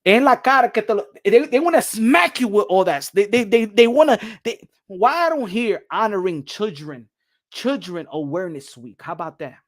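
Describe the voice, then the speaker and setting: A man hosting a boxing show, talking in an animated, rambling way and slipping into Spanish. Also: high voice, moderate pace. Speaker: boxing podcast host. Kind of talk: casual boxing commentary.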